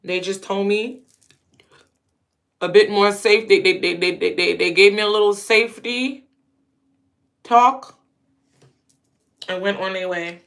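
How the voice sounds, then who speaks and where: A woman's voice: medium pitch, fairly even intonation, measured pace, pauses often, a bit bright. A young adult woman vlogger telling a personal story to camera in a blunt, emphatic way, often stuttering through repeated words.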